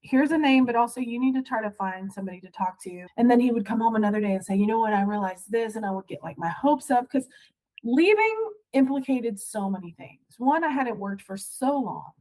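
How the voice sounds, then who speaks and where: A woman's voice: fairly high pitch, expressive, a little fast, darkish tone, low-quality recording. A middle-aged woman, a podcast guest, candidly recounting her own story in casual, earnest speech full of "like" fillers. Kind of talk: personal storytelling.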